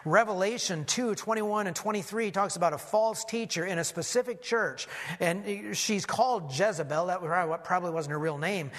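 A man's voice: high voice, fairly bright tone. A man, a pastor, preaching an earnest expository sermon that he teaches point by point. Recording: long hall reverb.

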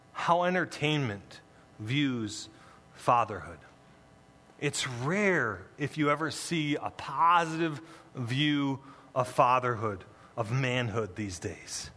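A man's voice: a little high, bright, forceful tone. A man preaching a sermon as pastor, emphatic, with playful asides to the congregation, in a church. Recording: long reverb in a large hall.

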